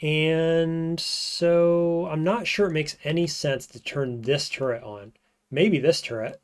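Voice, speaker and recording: A man streaming a roguelike, thinking aloud in casual gameplay commentary and often trailing off into quiet mutters. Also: a little high, slow pace.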